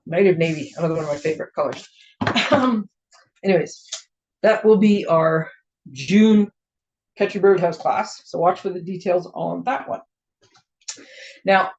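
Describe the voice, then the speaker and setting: A woman's voice: on the low side, darkish tone. A woman demonstrating papercraft products in a casual show-and-tell, chatty and gushing, with rambling asides. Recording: dull lo-fi recording.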